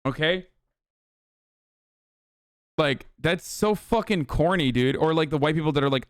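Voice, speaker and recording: A man's voice: mid-range voice, measured pace, pauses often, clear, resonant tone. A man ranting on a live stream, swearing often and sounding fed up as he reads lines of text aloud and tears into them. His voice sits in a middle register. The sound is dry and close, with no room echo. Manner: blunt, profane, exasperated ranting.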